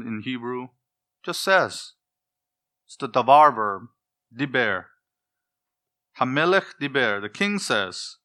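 A man delivers an expository sermon, explaining the text and then turning it into stern warnings. His voice is bright and forceful, and he climbs to emphatic peaks when he presses his point. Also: mid-range voice. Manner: forceful preaching, rising to emphatic rebukes. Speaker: preacher.

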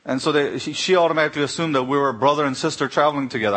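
A man's voice: on the high side, rapid-fire, hardly any pauses, background noise. A middle-aged man, preaching a sermon full of personal stories and acted-out dialogue. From Korea. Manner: anecdotal, animated when acting out dialogue. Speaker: pastor. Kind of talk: sermon with storytelling.

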